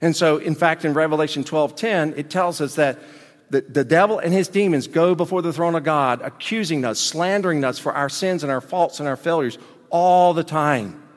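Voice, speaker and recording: A male pastor preaching a sermon, animated and emphatic, with folksy asides and questions to the congregation. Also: fairly high pitch, normal speed, big-room sound.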